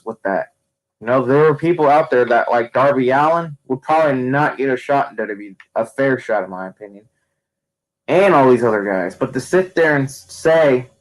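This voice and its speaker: A man's voice: medium pitch, poor audio. A young man who streams about wrestling, ranting casually with lots of fillers and restarts. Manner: rambling, frequent fillers and restarts. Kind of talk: casual opinion rant.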